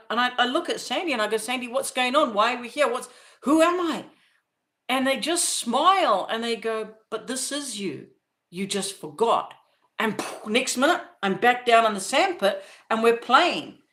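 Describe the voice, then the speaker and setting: A woman's voice: mid-range voice, fairly bright tone. Woman podcaster telling a personal story. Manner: earnest, recalls as she speaks, halting restarts. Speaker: podcast host.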